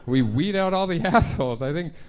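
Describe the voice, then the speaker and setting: A young man performs stand-up on a club stage into a handheld mic. His voice sits a little high for a man. He tells stories in a loose, self-deprecating way and breaks into punchy act-outs. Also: lively intonation, brisk, a little mellow. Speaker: stand-up comedian. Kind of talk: stand-up comedy set.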